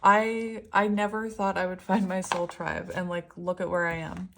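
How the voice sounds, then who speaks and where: A woman's voice: lowish voice, flat delivery, moderate pace, creaky, a bit bright, a little hiss or hum. A woman doing a casual spiritual tarot reading, chatty and rambling, laughing often as she talks. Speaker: tarot reader.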